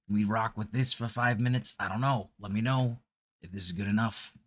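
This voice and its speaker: A man's voice: lowish voice, a little fast, fairly bright tone, no echo. A man streaming live, chatting casually and reacting aloud with laughter.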